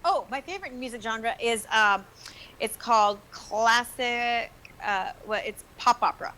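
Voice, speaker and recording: A woman's voice: on the high side, measured pace, bright, forceful tone, a little hiss or hum, poor audio. A woman guest on a casual live stream, talking hesitantly with many fillers and laughing easily.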